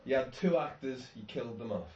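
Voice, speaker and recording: A man's voice: mid-range voice, expressive, a little fast, a little mellow, slight background noise. Dry, sardonic man, distant and echoey. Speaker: film riffer. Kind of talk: casual mocking film commentary. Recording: distant roomy lo-fi mic.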